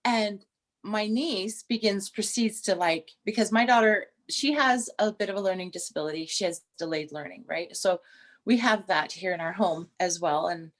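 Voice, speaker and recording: A middle-aged woman co-hosting a casual chat, telling stories with restarts and animated quoted voices. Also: mid-range voice, moderate pace. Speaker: podcast co-host.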